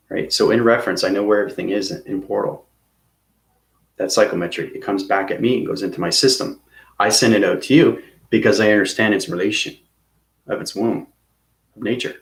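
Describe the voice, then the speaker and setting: His voice runs on the low side, and the recording is reverberant. The man rambles through a spiritual lesson in a casual monologue, frequently stopping to ask "okay?" and "right?".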